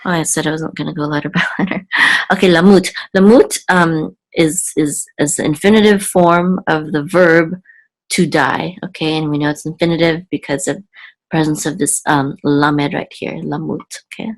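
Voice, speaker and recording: A woman teaching a reading lesson, patiently repeating and slowly sounding out each word. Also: deep voice, fairly even intonation. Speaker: Hebrew teacher. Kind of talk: explaining a reading lesson to camera.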